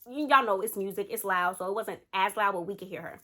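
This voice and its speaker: A young woman telling a story to her viewers at a quick clip. She is chatty and slangy and talks to the audience as if they were friends. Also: medium pitch, a bit bright. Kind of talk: casual storytime.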